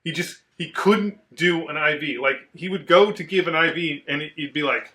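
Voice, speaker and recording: A man with a fairly high, bright and forceful voice tells stories in a loose, casual chat. He swears freely and acts out the people in his stories with lively delivery. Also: moderate pace. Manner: profane, animated storyteller. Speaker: podcast host, Marine veteran.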